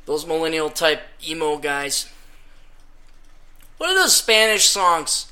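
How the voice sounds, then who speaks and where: A man's voice: fairly high pitch, sing-song, takes it slowly, bright, forceful tone. A man hosting a podcast, ranting casually and sarcastically, breaking into mocking sung parodies. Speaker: podcast host.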